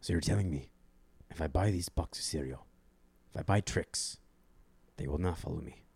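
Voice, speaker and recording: A man doing a brooding action hero who drops his voice low and hushed. Every line is a slow, quiet threat. The pitch sits below his usual speaking voice. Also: vocal fry, slightly rough, no echo, exaggerated voice. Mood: menacing. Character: menacing gravel-voiced action hero, middle-aged man.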